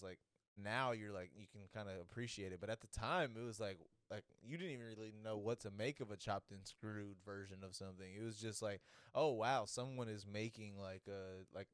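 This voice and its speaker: A man's voice: lowish voice, clean tone, no room sound. A young man co-hosting a podcast, talking in a loose, rambling way and swearing freely. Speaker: podcast co-host. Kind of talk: casual podcast chat.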